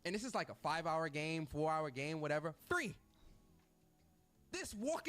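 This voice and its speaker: High, lively ranting man. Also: normal speed, pauses often, soft background music. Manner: emphatic, repetitive, joking. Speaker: video creator ranting about games. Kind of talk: animated rant commentary.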